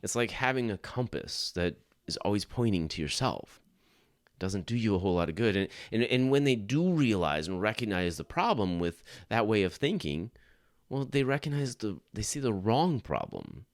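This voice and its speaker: A man's voice: fairly low pitch, big pitch swings, moderate pace, no echo, studio quality. A middle-aged man hosting a Christian podcast, talking in an earnest, conversational way with frequent restarts. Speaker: podcast host. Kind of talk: Christian apologetics podcast talk.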